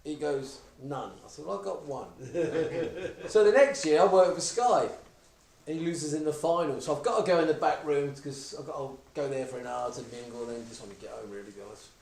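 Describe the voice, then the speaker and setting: A man's voice: on the high side, brisk, vocal fry, darkish tone, a little hiss or hum. An older man telling chatty stories at a live Q&A, laughing through them often. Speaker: guest darts player. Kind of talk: live Q&A anecdotes. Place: live event room with an audience. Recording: echoey room from a distance. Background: audience laughter.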